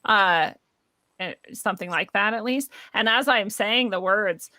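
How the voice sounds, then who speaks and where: A young woman talks through a long personal story with a bright, tense edge to her voice. She laughs often and slips into other people's voices when quoting them. The sound is dry and close, with no room echo. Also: medium pitch, a little slow. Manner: animated, laughs often, acts out quoted voices. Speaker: guest. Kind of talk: conversational storytelling.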